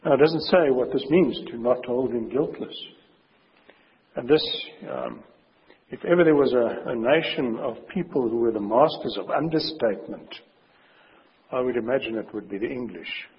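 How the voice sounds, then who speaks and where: A man preaches a sermon in a very husky, medium-pitched, expressive voice, speaking emphatically and slowing down to stress his warnings. The recording is dull, with long hall reverb.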